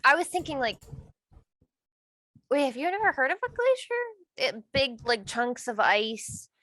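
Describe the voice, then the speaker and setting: Woman player, bright voice, dry close sound, thinks aloud. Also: high-pitched, sing-song, a little slow, no room sound, poor audio. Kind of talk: casual chat at a tabletop game.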